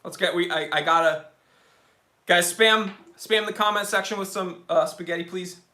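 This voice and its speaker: A man hosting a watch channel livestream, reading viewer comments aloud and answering in a joking, excitable way. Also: sits high, moderate pace. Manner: excitable, joking, talks to chat as bro. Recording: roomy echo.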